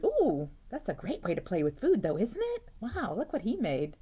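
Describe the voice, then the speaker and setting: A woman's voice: mid-range voice, huge pitch swings, normal speed, dark tone, slight background noise. A woman teacher reading a picture book aloud to children, chatty and asking them questions, with frequent "uh-oh"s.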